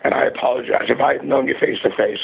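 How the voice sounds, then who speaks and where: Gravelly, raspy man on a muffled phone line. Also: mid-range voice, steady tone, fast talker. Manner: profane, sardonic, laughs often. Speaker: phone-in guest. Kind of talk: casual phone interview. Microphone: phone headset.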